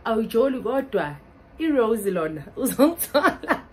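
Excitable South African woman vlogger. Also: a little high, normal speed, a little hiss or hum, poor audio. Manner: excitable, laughs often, mixes English and Zulu. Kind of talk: casual vlog chat.

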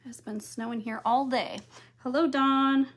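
A woman with a fairly high voice talks through a live paint-along from her home craft room. She chats easily and greets viewers by name as she works, clearing her throat every so often. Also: fairly even intonation, unhurried. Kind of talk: live painting tutorial chat.

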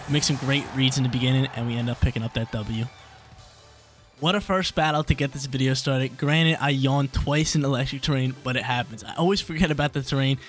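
A young man talks through his online battle as it plays out, thinking aloud and repeating himself when things get tense. His voice sits at an ordinary male pitch. Faint music plays under his talk. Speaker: gaming YouTuber. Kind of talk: live gameplay commentary.

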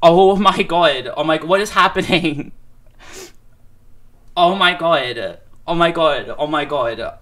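Reacting live and close to tears, an overwhelmed streamer speaks slowly at a middling pitch, stammering and repeating words. The talk is excitable and packed with swearing.

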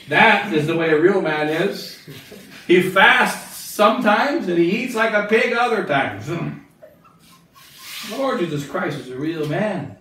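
Bishop teaching in a booming echo. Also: male voice, a little slow, pauses often, a bit bright. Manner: asks the listeners questions, repeats phrases for emphasis. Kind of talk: catechism talk to religious sisters. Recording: very echoey room, mic far off.

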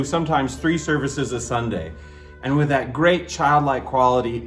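A man from the church sharing an animated, fond remembrance of a late member. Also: mid-range voice. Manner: warm, animated storytelling with laughter. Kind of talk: spoken remembrance.

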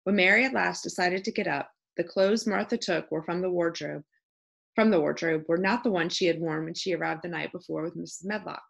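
A woman's voice: on the low side, brisk, vocal fry, slightly rough. A woman volunteer reading a children's classic aloud as an audiobook narrator. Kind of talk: scripted narration.

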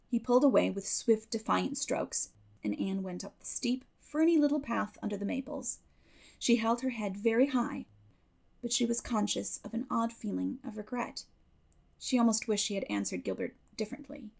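A woman narrating a classic novel as an audiobook, telling it in a measured, expressive way. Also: mid-range voice, gravelly. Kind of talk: scripted narration.

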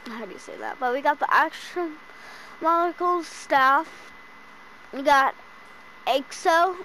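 A woman hosting a casual game item shop rundown, hiccuping and listing items excitedly while stumbling over names. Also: high-pitched, takes it slowly, a little hiss or hum, low-quality recording. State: has the hiccups. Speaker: gaming channel host.

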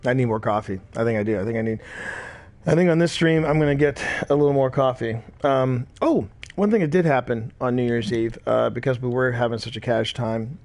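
A tired middle-aged man streams a game and chats casually, rambling and repeating himself between reactions to the play. His medium-pitched voice is fairly quick and darkish in tone, with no echo.

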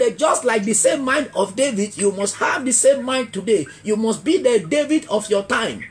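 Male evangelist preaching emphatically. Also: very high voice. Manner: call-and-response questioning, repeating key phrases; emphatic, builds to shouting. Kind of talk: revival sermon.

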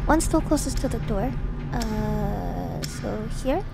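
A young woman streaming a game, chatting casually with her chat, jumpy and quick to swear when startled. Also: a little high, animated. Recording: clear game music behind voice. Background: game music.

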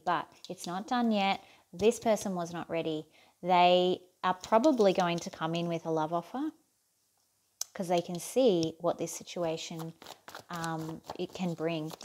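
A woman's voice: on the low side, slight background noise. A woman giving a casual tarot reading, chatty and thinking aloud with fillers and restarts. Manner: asks the cards softly, near-whispered. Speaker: tarot reader.

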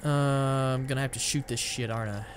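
Over game music, a young gamer gives casual commentary while playing a shooter, rambling on, laughing at himself, and blurting out his frustration. He keeps a steady tone at medium pitch and talks a little fast.

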